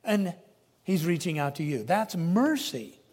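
A man preaching a sermon, emphatic, swinging between loud declarations and hushed asides. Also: fairly high pitch, big pitch swings, measured pace. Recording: long reverb of a large hall.

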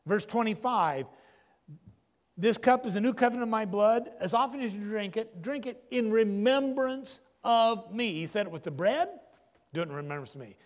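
An older man, a grandfather and pastor, preaching a sermon with emphatic pauses. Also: high-pitched. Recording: long echo of a large hall.

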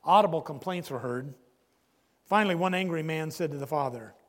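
A man preaching a sermon, earnest, pausing often and dropping low on key phrases. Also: big-room sound, slight background noise.

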